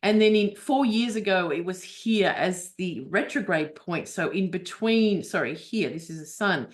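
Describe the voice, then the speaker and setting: A woman's voice: fairly low pitch, a little slow. A woman teaching astrology in a webinar, explaining a chart step by step with frequent fillers and restarts over a video call.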